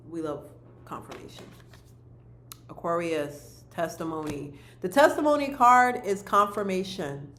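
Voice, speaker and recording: A woman's voice: mid-range voice, reverberant, a little hiss or hum. A woman giving a monthly card reading to her viewers, speaking earnestly to them and repeating her key phrases. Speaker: spiritual card reader.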